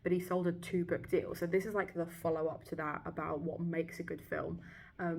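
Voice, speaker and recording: A young British woman in casual vlog chat, ranting and swearing sarcastically about a book. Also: lowish voice. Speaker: book vlogger. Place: hotel abroad.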